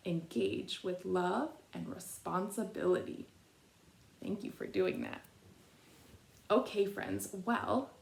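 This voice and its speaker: A woman leading a school assembly as a trainee principal, speaking slowly and clearly to children and reading a picture book aloud. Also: mid-range voice, echoey room. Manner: slow, clear teacher talk with call-and-response prompts. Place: elementary school.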